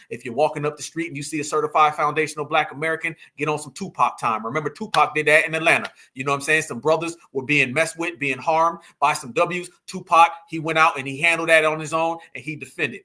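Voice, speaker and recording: A man's voice: on the high side, pushed and bright. A man hosting a commentary vlog, speaking in a preachy, emphatic way with lots of slang, rallying his audience and mocking people with laughter. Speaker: host.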